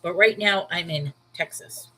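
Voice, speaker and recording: In a rough recording with slight background noise, a woman speaks unhurriedly in a voice on the low side, pushed and bright. In her thirties and from New York with a Brooklyn accent, she hosts an informal Bible livestream, chatting candidly and emphatically with viewers by name.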